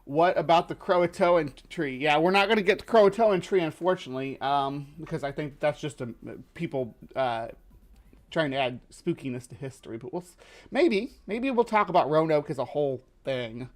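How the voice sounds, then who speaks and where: A man hosts a livestream in a loose, casual way, often trailing off into fillers and restarting his sentences. His voice sits a little higher than most men's, and he grew up in the lower Midwest of the US. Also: animated, moderate pace. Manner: rambling, many fillers and restarts. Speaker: livestream host.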